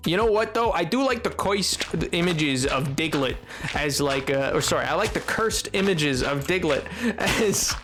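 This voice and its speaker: A man's voice: on the high side, expressive, moderate pace, a bit bright, soft background music. A man chatting casually on a game stream, rambling and giggly with lots of fillers. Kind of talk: casual live-stream chat.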